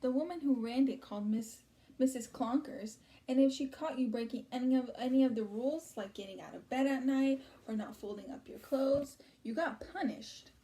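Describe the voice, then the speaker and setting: A woman's voice: high-pitched, normal speed, mellow, voice pushed up, close to an everyday voice. A woman reading aloud as a young orphan girl who answers plainly and frankly. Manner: matter-of-fact.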